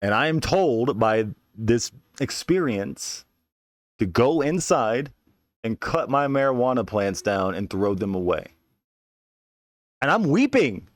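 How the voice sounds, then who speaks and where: A young podcaster recounts a wild personal story in a casual monologue, rambling, cursing and starting over repeatedly. His medium-pitched voice has a sing-song lilt and a slow pace with frequent pauses. The recording is dry and studio quality.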